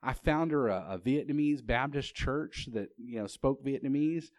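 Guy preaching, chatty storyteller, mid-pitch voice, dry close sound. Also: normal speed, dry recording. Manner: conversational storytelling, frequent restarts; rhetorical questions to the congregation. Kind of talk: sermon.

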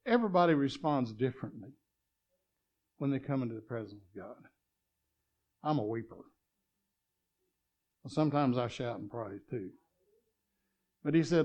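A man preaching a sermon, swinging between loud exclamations and quiet, chuckling asides. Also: mid-range voice, animated, moderate pace, long pauses.

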